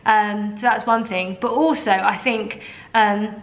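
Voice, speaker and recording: A woman's voice: mid-range voice, fairly even intonation, unhurried, highs cut off. Chatty woman in her thirties, rambling. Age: 30s. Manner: rambling, chatty, self-deprecating with restarts and asides. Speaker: vlogger. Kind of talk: casual video diary.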